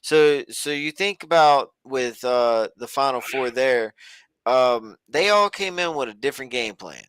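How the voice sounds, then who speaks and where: A man's voice: medium pitch, expressive, measured pace, a bit bright, clear, resonant tone, no echo. A man co-hosting a podcast, talking in a loose, rambling, folksy way about a reality show. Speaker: podcast co-host.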